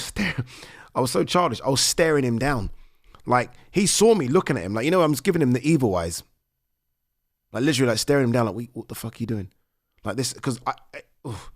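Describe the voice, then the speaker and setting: A man hosting a boxing podcast, talking casually and getting indignant, sometimes near-shouting in outrage. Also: medium pitch. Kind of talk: casual solo commentary.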